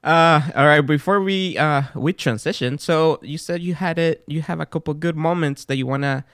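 A podcast host with a fairly high, clear, resonant voice chats casually at a normal speed, telling stories and laughing often. He's an animated storyteller, and the recording is a clean studio sound with no room noise.

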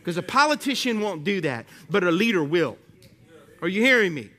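A Southern-accented male pastor preaches a sermon in a voice that sits high, keeping a moderate pace. He swings between loud, animated preaching and hushed prayer.

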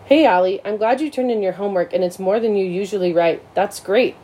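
A woman voicing a cheerful male schoolteacher talking gently with a student. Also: medium pitch, fairly quick, slightly rough, natural voice, rough recording. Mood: upbeat.

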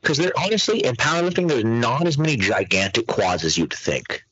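A male podcast host talks in a loose, swearing, storytelling way, his pitch swinging widely from line to line. His voice has a husky edge. The audio is dry and a bit dull. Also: very animated, fairly quick, pushed and bright, dry recording. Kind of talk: casual profane chat.

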